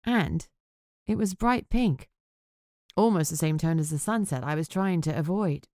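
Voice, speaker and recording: A woman narrating a first-person audiobook with an expressive reading. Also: low-pitched, unhurried, no echo, clean studio sound.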